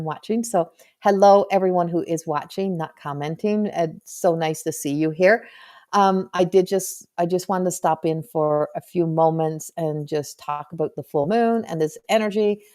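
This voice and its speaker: A woman with a somewhat low voice hosts a casual live-streamed spiritual talk. She speaks as a medium in an earnest, chatty way. She stays frank and drops playful swearing. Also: dark tone.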